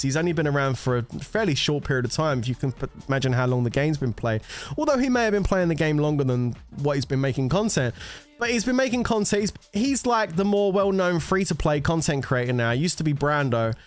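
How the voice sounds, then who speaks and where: Brief: gaming streamer, slightly high voice, sweary rambling rant, faint music underneath. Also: male voice, expressive, a little fast. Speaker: gaming content creator.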